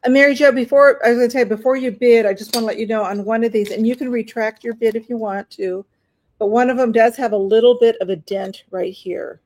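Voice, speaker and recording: A woman's voice: on the high side, fairly even intonation, fast talker. Chatty woman selling items on a live stream. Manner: chatty, rambling, warm toward bidders, many fillers. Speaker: live online auction seller.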